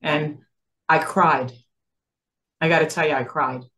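Animated woman in her sixties. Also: low voice, measured pace. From New Jersey. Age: 60s. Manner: animated, acts out quoted dialogue, laughs often. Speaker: guest. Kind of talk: storytelling in a casual interview.

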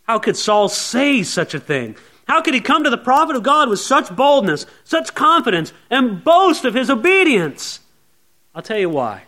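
A man's voice: extremely high pitch, sing-song, normal speed, bright, forceful tone. A male pastor preaching an earnest Bible sermon, asking rhetorical questions and calling listeners friends.

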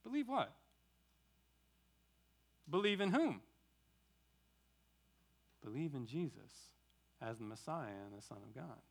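A man's voice: mid-range voice, sing-song, slow pace, vocal fry, pauses often. A male pastor preaching an expository sermon, asking rhetorical questions and repeating key words for emphasis.

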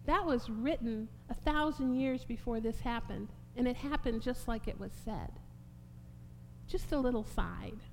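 Woman preacher, impassioned sermon, high and slow, reverberant hall. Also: gravelly. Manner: impassioned, rising to emphatic peaks. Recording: long hall reverb, faint hum.

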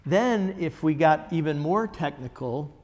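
A man with a fairly high voice leads a Bible study at an unhurried pace. He talks in an eager, conversational way and keeps asking his listeners questions. His voice rings out with a long reverb, as in a large room. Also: expressive, darkish tone. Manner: enthusiastic, conversational, asks the group questions.

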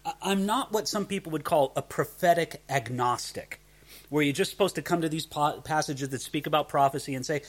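Male Bible teacher, slightly higher voice, earnest, stumbles and restarts phrases. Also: a little fast. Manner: earnest, repeats words when starting sentences.

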